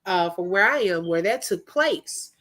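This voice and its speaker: A woman's voice: medium pitch, lively intonation, a little slow, fairly bright tone. A middle-aged woman, hosting a casual livestream, chatting animatedly, laughing often and greeting viewers. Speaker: livestream host. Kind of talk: casual live-stream chat.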